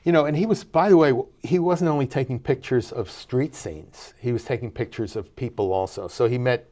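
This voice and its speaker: An older man telling a family story in a relaxed interview, with many fillers and restarts. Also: medium pitch, fairly quick. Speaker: interview guest, cinematography professor.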